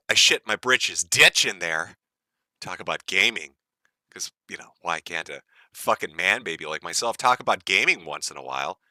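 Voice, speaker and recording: A man's voice: deep voice, pushed and bright, no room sound. A man hosting a livestream, ranting in a crude, mocking, profane way. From United States. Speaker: livestream host.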